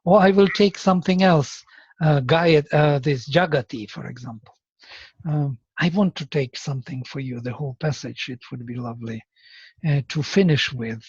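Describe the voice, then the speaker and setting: A man teaching Sanskrit in a seminar, speaking as a with many pauses and chanting verses aloud. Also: on the high side, breathy edge, no room sound. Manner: slow, halting, chants verses. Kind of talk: seminar lecture with recitation. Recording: dull, dry lo-fi recording.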